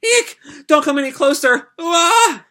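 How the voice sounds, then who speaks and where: A man's voice: lively intonation, measured pace, bright, forceful tone, full character voice. A man voicing a frightened little girl who sobs and wails to be taken home, read aloud from a manga. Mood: wailing. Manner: wailing, high and strained.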